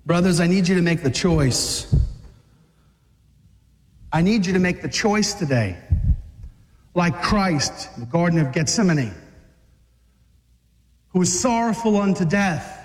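A man preaching an impassioned sermon to a group of men, exhorting them and rising to shouts. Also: sits high, lively intonation, a little slow, pauses often, in a large hall. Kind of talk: fiery sermon.

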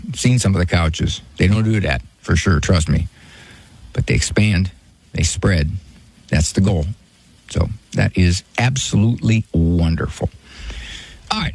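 Gravelly, folksy male radio host. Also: fairly low pitch, no room sound. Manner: folksy and pastoral, repeats phone number. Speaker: radio call-in show host. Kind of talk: casual call-in radio talk.

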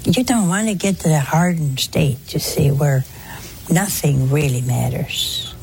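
Slow, low-voiced woman preaching. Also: vocal fry, darkish tone, slight background noise. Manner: folksy, asks rhetorical questions, tells anecdotes. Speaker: religious speaker. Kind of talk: spoken sermon to a congregation.

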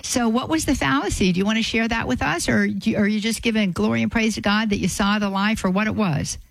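Gentle woman hosting a prayer call-in show. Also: mid-range voice, fast, vocal fry, dry recording, rough recording. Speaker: radio show host. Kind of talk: call-in radio prayer and conversation.

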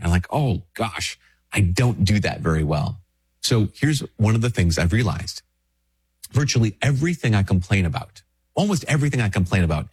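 A priest gives a relaxed spiritual talk with a husky, slightly low voice. He is a little sick with a stuffy nose, and he speaks conversationally, trips over his words and restarts his sentences. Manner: conversational, with frequent restarts and fillers. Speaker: Catholic priest. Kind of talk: casual spiritual talk to camera.

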